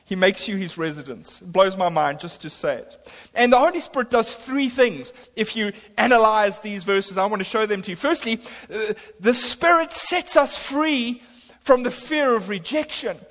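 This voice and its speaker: A man preaching a sermon, telling a personal story with emphatic swings between loud and hushed delivery. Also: high voice, lively intonation, normal speed. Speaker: pastor. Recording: long hall reverb.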